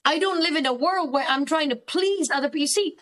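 High-voiced earnest woman therapist. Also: fast talker, fairly bright tone. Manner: earnest, emphatic, repeats words for stress. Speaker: cognitive therapist guest. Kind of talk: faith-based counselling conversation.

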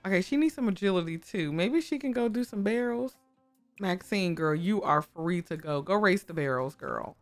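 A young woman giving casual gameplay commentary, gushing, excitable and talking to her game characters, often breaking into high squeals. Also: normal speed. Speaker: gaming YouTuber. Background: faint background music.

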